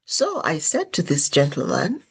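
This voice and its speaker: A podcast host tells stories conversationally in a low-pitched voice at a measured pace, with vocal fry and a breathy edge. She's animated, changing her intonation as she acts out the quoted lines.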